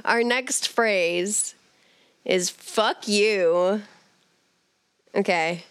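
A woman co-hosting a loose, casual podcast chat, laughing easily and explaining with playful enthusiasm. Her voice is smooth and clear, at a middling pitch. It is recorded close and dry, with no room sound. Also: very slow, no echo. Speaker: podcast co-host.

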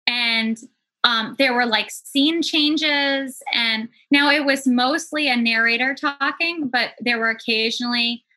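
A woman's voice: a little high, a little slow, pushed and bright, no echo, low-quality recording. A woman actor who also does casting, chatting casually with many fillers. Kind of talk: casual chat.

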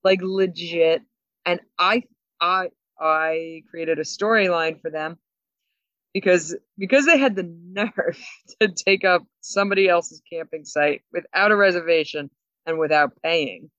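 A woman co-hosting a podcast, telling a story with lots of laughs and quick asides. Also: fairly low pitch, a bit bright, no room sound, dull audio. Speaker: podcast co-host. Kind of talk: casual chat.

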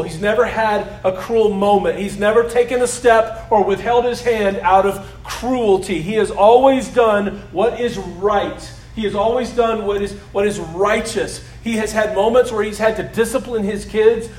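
A middle-aged man preaching a sermon in a conversational way, rising to loud emphasis and dropping to soft, hushed asides. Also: high voice, roomy sound, distant mic, low-quality recording. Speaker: pastor.

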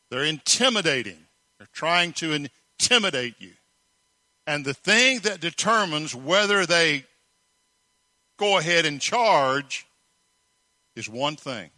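Brief: pastor mid-sermon, very bright, fairly high voice, dry close sound, emphatic storyteller. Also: male voice, no echo. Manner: emphatic storytelling, rhetorical questions.

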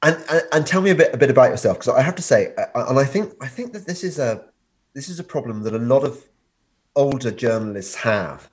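A man's voice: mid-range voice, lively intonation, a little fast. A man hosting a podcast, drowsy from painkillers, who rambles and stammers over his words. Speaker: podcast host. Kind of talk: casual podcast chat.

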